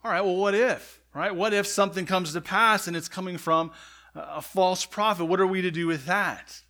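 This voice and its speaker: A man's voice: sits high, steady tone, moderate pace, bright, forceful tone. A man preaching a sermon, retelling a scripture story in a conversational way with frequent asides to the congregation. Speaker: pastor.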